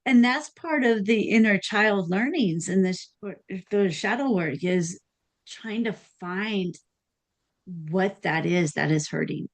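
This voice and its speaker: A woman hosting a podcast, talking in an earnest, thoughtful way and pausing often as she thinks aloud. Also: mid-range voice, animated. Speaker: podcast host. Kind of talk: casual podcast conversation.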